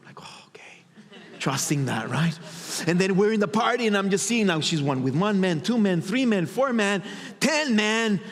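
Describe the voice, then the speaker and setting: Brief: male motivational speaker, fairly high voice, lively storyteller on stage, long hall reverb. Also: moderate pace. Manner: animated, acts out his inner voices.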